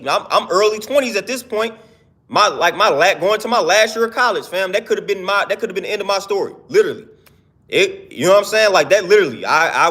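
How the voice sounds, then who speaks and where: In a casual live-stream monologue, a man in his twenties speaks earnestly, using slang and repeating himself for emphasis. His voice is high and slightly bright.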